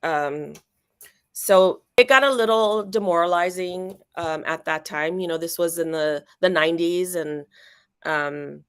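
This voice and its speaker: Guest: woman in her fifties, lowish voice, dry close sound, thoughtful and halting in casual conversation. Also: smooth, no room sound. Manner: reflective, hesitant, many fillers. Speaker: actress, guest. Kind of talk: casual interview chat.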